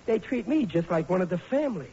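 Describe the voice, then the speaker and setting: A man's voice: high voice, animated, fast. An actor playing a blundering, blustering working-class family man with a Brooklyn accent in a 1940s radio sitcom. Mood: reluctant. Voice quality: ungrammatical, fretful bluster. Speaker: sitcom lead. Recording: muffled old radio broadcast with hiss.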